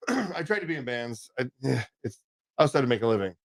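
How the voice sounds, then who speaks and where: A man's voice: medium pitch, big pitch swings, fast, gravelly, no room sound. A man co-hosting a podcast, telling long rambling stories with a lot of swearing. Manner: profane, rambling storyteller. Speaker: podcast co-host. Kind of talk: casual podcast chat.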